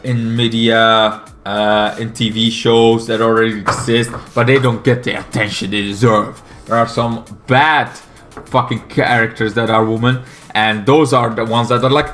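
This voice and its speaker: A Belgian man whose first language is Flemish Dutch speaks with a Flemish Dutch accent in a mid-range voice, with faint music behind him. He rambles casually about comics, excitable and swearing freely, halting and stumbling over many fillers.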